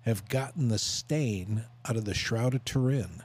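A man's voice: medium pitch, a little slow, breathy edge. A man from Ohio co-hosting a podcast, a comic trading wisecracks in casual chat.

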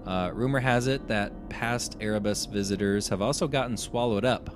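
A man's voice: lowish voice, normal speed, over music. A man hosting a casual podcast chat, reading haunted house listings aloud and joking about them. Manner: reads aloud, then jokes and laughs. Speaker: podcast host.

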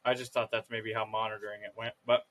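Swearing, joking man with a bright voice. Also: lowish voice, little pitch movement, fast, a little hiss or hum. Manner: crude, joking, swears often. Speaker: podcast co-host. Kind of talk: casual chat.

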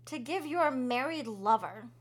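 Young woman, high voice, podcast host, jokey, swears casually. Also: expressive, slightly rough. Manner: joking, swears freely, quick reactions. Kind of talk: casual book podcast chat.

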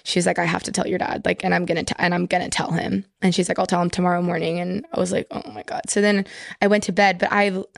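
A woman's voice: on the low side, flat delivery, fast talker, vocal fry, dry recording, studio quality. A young woman from Texas, a podcast guest telling a personal story in casual chat, full of "like" fillers.

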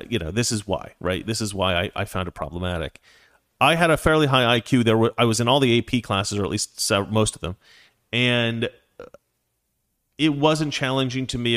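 A man's voice: lowish voice, fairly bright tone, no room sound, studio quality. A man in his forties from the United States hosting a casual political commentary show, speaking opinionatedly and directly to his viewers. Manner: opinionated, talks straight to viewers. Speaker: show host.

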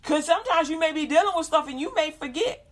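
A woman giving an informal sermon, animated, acting out quoted voices and laughing often. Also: sits high, quick pace.

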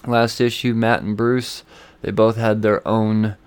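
A man hosting a podcast, casually reviewing comic books in a rambling, excitable way, with lots of fillers and swearing. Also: on the low side, a little slow, clean tone. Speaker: podcast host.

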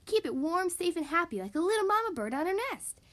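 Sly fox huckster, high and quick, pushy sales patter, storybook voice, put on by a woman reader. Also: sing-song, a bit bright, exaggerated voice. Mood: selling. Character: sly fast-talking male fox salesman.

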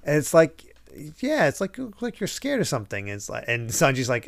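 A man's voice: medium pitch, normal speed, no echo. A man hosting a podcast, casually recapping a manga and acting out the characters' lines as he goes. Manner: animated, acts out characters' lines while retelling. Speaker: podcast host.

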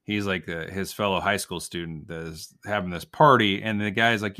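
A man with a bright, forceful voice that sits a little low. He chats casually on a podcast, recapping a film in a loose, rambling way with lots of restarts. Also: moderate pace. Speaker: podcast co-host. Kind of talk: casual movie-review chat.

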